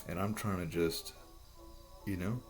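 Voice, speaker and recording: A man explaining a drawing in a rambling, halting way, swearing often and restarting his sentences. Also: low voice, fairly even intonation, soft background music. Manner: profane, halting, full of restarts.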